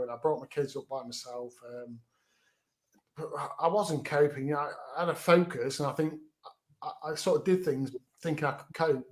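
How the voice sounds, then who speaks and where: A middle-aged man, frankly recounting his own story as a guest in an interview, often restarting his words. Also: on the high side. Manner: frank, plain-spoken, repeats words as he restarts.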